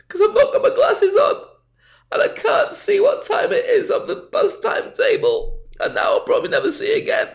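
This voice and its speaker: A man voicing a panicky, hysterical stranger at a bus stop, shouting and then whimpering in a high voice. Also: animated, moderate pace. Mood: whiny, tearful.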